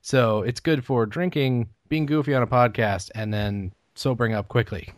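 A man's voice: medium pitch, moderate pace, no room sound. A man co-hosting a casual podcast, laid-back with dry quips and frequent laughter. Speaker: podcast co-host.

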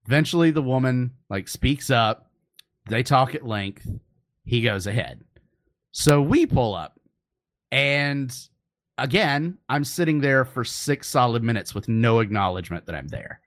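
A man's voice: medium pitch, a little slow. Middle-aged guy ranting through a funny story, voice swinging all over, cusses a lot. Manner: animated, exasperated, swears freely. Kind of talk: comedic storytelling.

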